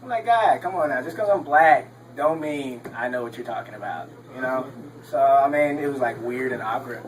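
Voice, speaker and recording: A man's voice: medium pitch, moderate pace, recorded from a distance, slight background noise, poor audio. Young man rambling through a stand-up set. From Texas. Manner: rambling, laughs at his own jokes, many ums. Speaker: stand-up comedian. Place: comedy club stage with audience.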